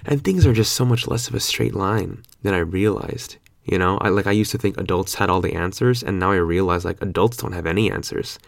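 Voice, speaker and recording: A man's voice: low voice, fairly quick, vocal fry, hardly any pauses, no room sound, clean studio sound. A man in his twenties talking in a laid-back, slangy vlog monologue, swearing freely and rambling with lots of fillers. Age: 20s. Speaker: vlogger.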